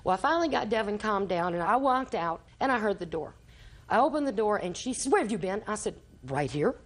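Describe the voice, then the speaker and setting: A woman's voice: mid-range voice, animated, a little fast. An older woman giving courtroom testimony, telling a long story and acting out the quoted dialogue. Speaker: litigant in small claims court.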